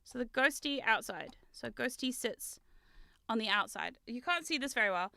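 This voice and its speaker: A woman streamer chatting casually while building and unboxing, talkative, laughing often and swearing in loud outbursts. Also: a little high, lively intonation, moderate pace, vocal fry, no room sound, studio quality. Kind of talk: casual live-stream chat.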